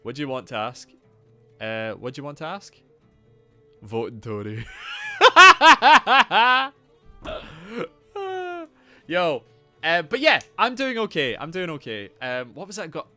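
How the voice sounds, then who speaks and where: Lively man streaming with music. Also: on the high side, slow, long pauses. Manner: animated, loud greetings to viewers; swears casually, rambles. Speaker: live streamer. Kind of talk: casual live-stream chat.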